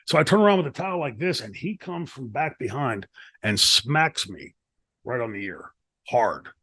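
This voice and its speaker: A middle-aged man recounting a wrestling story in a shoot interview, animated and profane, acting out the lines people said. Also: medium pitch, moderate pace, breathy edge, no echo. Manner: animated, profane, acts out quotes in his story. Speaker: retired wrestler telling a story. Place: wrestling promotion studio. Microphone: studio mic.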